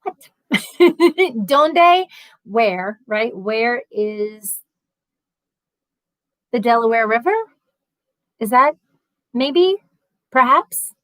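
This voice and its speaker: A middle-aged woman hosts a casual livestream, chatting animatedly as she reads out viewer comments. Her voice sits on the higher side, and the sound is dry and close with little room echo. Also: extremely slow, pauses often. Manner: chatty and animated, laughs often.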